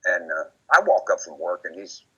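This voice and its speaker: A man being interviewed, rambling and repeating himself as he recounts memories, often quoting others in lively put-on voices. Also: deep voice, moderate pace, husky. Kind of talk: casual recorded conversation. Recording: dull lo-fi recording.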